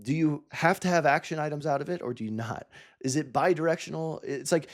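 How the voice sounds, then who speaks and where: A man's voice: mid-range voice, darkish tone. A man giving a coaching talk to founders, earnest and explaining step by step with examples. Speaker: cofounder coach.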